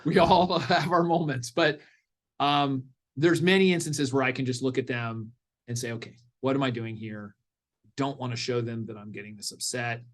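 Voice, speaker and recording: A middle-aged man, a parenting coach guest in a podcast interview, telling stories in an animated way and acting out what people said. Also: medium pitch, normal speed. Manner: animated storyteller, acts out quotes.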